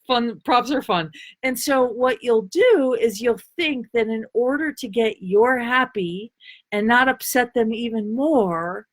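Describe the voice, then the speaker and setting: A woman's voice: on the high side, unhurried. A woman life coach talking casually on a live stream, answering viewer comments in a playful, bubbly way with frequent laughter and a loose, rambling delivery.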